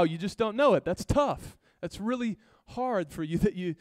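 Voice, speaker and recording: High-voiced man preaching, dry close sound. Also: no echo. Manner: conversational, animated preaching with quick asides. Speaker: pastor. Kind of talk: sermon.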